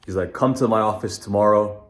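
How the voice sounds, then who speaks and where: A man's voice: lowish voice, brisk. A young man from Canada, a construction business owner, candidly telling a personal story in casual, blunt speech full of fillers and reenacted dialogue. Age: young adult.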